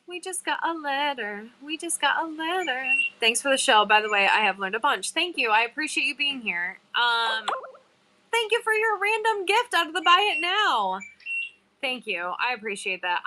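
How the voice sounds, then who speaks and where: A woman's voice: high-pitched, animated, normal speed, pushed and bright, a little hiss or hum. A woman hosting a casual live-selling stream, chatting with viewers and reading their bios aloud. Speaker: live-stream seller host. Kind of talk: casual livestream chat.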